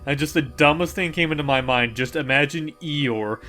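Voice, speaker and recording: A man's voice: fairly high pitch, sharp tone. A man chatting on a game commentary, hesitant, restarting his sentences and trailing off. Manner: halting, restarts and trails off with fillers. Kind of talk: casual game commentary chat.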